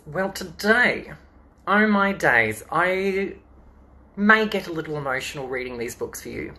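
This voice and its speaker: During a live-streamed storytime from home into a phone, an Australian man performing as a drag queen reads children's books aloud and chats playfully and campily between pages. His voice is fairly high-pitched, pushed and bright.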